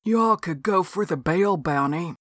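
A woman voicing a big, laid-back lawman who speaks in a slow, matter-of-fact drawl. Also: fairly low pitch, lively intonation, fairly bright tone, no room sound, studio quality.

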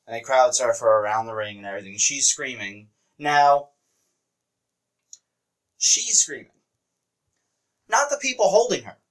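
A man's voice: mid-range voice, measured pace, pauses often. A man co-hosting a casual wrestling podcast, animatedly retelling what happened on the show. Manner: animated retelling with laughter and quoted voices. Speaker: podcast co-host.

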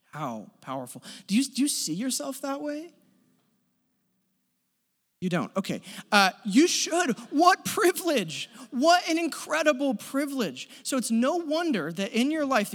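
A pastor preaching a sermon in a church sanctuary, emphatic, repeating key lines for stress and leading the congregation in spoken declarations. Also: medium pitch. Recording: long hall reverb.

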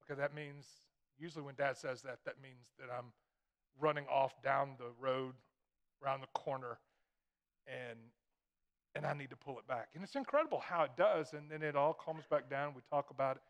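A middle-aged pastor preaching a sermon, emphatic, repeating key phrases for weight. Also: male voice, medium pitch, normal speed.

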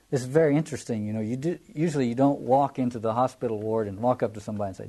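Mellow-voiced male Bible lecturer. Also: mid-range voice. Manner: halting, restarts phrases and repeats words often; reflective, explanatory. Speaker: Bible teacher. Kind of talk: lecture on a scripture passage.

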